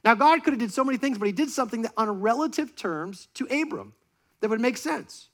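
A man preaching a sermon from a church stage to a congregation, lively and joking as he directs volunteers. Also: very high voice, a little fast. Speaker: pastor.

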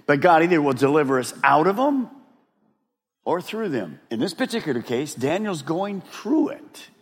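A man preaching a sermon and talking straight to his congregation. He is animated and drops to a hush for emphasis. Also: mid-range voice. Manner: addresses the congregation directly. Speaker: pastor. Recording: long reverb of a large hall.

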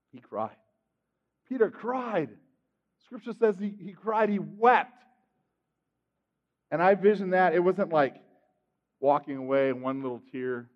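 Male preacher, high voice, animated, swings loud to soft, long hall reverb, muffled sound. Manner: animated storytelling, acting out scenes, swings from loud to hushed. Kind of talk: sermon.

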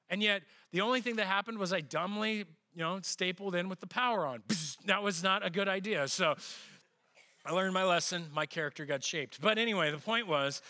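A middle-aged man preaching a sermon as pastor, conversational and personal, acting out quoted voices with sudden jumps in pitch. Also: pushed and bright.

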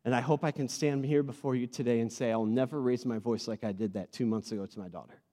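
A man's voice: mid-range voice, brisk, pauses often. Earnest male pastor in a reverberant hall. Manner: earnest, swings from loud emphatic to soft. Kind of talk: sermon.

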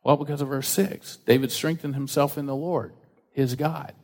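A man preaching a sermon in a casual, conversational way, acting out quotes with lively voices. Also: mid-range voice, moderate pace. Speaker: pastor. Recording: reverberant hall.

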